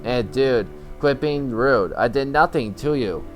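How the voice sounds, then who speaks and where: A man's voice: medium pitch, lively intonation, measured pace, faint music behind. A teenage boy who tells a story casually and reads chat messages aloud. He rambles, often stumbles and restarts, and says "you know what" in place of swear words. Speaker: channel host.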